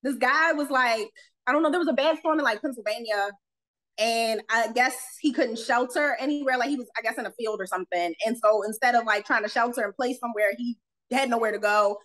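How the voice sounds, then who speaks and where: A young adult woman, an autopsy technician, telling stories casually in a podcast interview, animated and laughing often as she acts out what people said. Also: on the high side, fairly quick, low-quality recording.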